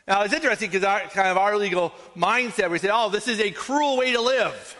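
Bright high-voiced man preaching in a hall. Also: fairly quick. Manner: conversational, frequent "right?" asides. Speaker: pastor. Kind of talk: sermon. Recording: long hall reverb.

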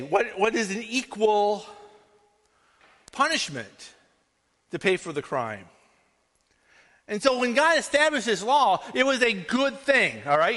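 A man's voice: high voice, sharp tone. A man preaching a sermon as pastor, talking conversationally and often checking in with "right?". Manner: conversational, frequent "right?" asides. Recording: long hall reverb.

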